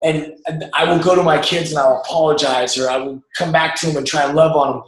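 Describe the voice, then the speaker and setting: A man's voice: a little high, fairly even intonation, quick pace. A man giving an emphatic motivational talk to a group, coaching them to drop doubt. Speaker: motivational speaker. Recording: echoey room.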